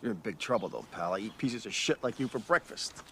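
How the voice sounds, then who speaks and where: A man's voice: lowish voice, expressive, brisk, pushed and bright, a little hiss or hum. An actor playing a threatening, bullying tough guy who taunts in a menacing way, heard as a played clip.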